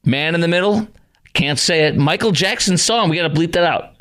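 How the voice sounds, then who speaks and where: A man's voice: a little high, expressive, a little fast. A middle-aged man hosting a call-in talk radio show, sarcastic and exasperated, scoffing at what he reads out.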